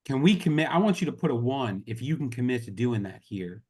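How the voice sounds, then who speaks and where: Man, motivational team call, earnest, impassioned, mid-pitched voice, video call audio. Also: expressive, a little fast, darkish tone, husky. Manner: earnest, impassioned, repeats "y'all". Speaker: network marketing team leader. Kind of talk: motivational talk on a group call.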